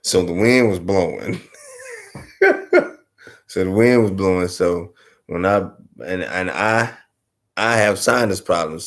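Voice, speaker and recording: In a fairly low, creaky voice, a man from Arkansas with a Southern US accent hosts and tells a comic story, loose, profane and rambling, constantly checking "you know what I'm saying."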